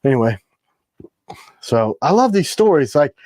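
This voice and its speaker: A man's voice: a little high, sing-song, measured pace, darkish tone, dry recording. Chatty man, dry close sound. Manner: rambling, jokey, trails off mid-sentence. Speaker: knife maker and livestream host. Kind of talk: casual livestream chat.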